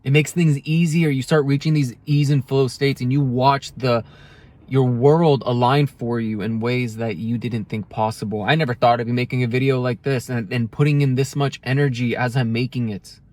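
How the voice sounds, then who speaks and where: A man's voice: medium pitch, steady tone, moderate pace, a little mellow. Earnest man giving a motivational talk. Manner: earnest, heartfelt, with frequent restarts. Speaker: self-help video creator. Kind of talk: motivational monologue to camera.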